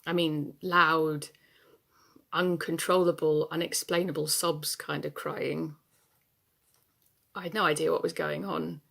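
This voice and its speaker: A woman's voice: low voice, little pitch movement, a little slow, gravelly, long pauses, fairly bright tone, full character voice. A woman performing a stage monologue as an adult daughter anxious about her aging parents, telling her story in a wry, confessional way. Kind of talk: theatre monologue.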